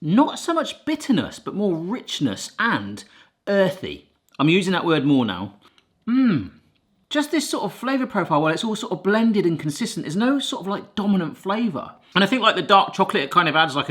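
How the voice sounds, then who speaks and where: A man chatting cheerfully through a home cooking video. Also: brisk. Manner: chatty, jokey, lively pitch. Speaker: cooking vlogger. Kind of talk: casual cooking narration.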